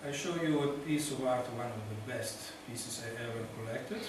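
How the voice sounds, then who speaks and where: A man giving a public lecture in a hall, halting and searching for words, with many fillers. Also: medium pitch. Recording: echoey hall, distant, noisy.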